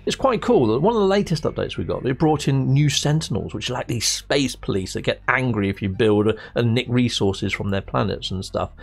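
A man's voice: mid-range voice, expressive, brisk, gravelly, few pauses, breathy edge. A man, a gaming YouTuber, chatting casually and rambling with many restarts. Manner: rambling, restarts mid-sentence. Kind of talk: casual chat.

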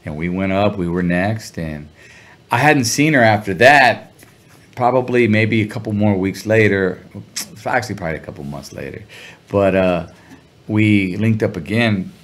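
A middle-aged man telling a story as an interview guest, relaxed and full of slang. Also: fairly low pitch, normal speed. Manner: laid-back, chuckling, heavy slang. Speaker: guest musician.

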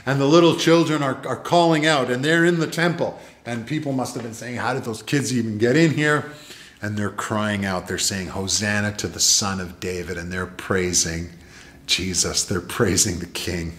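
Earnest man preaching a measured sermon. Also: fairly low pitch, steady tone, a bit bright, echoey room. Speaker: pastor. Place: church sanctuary.

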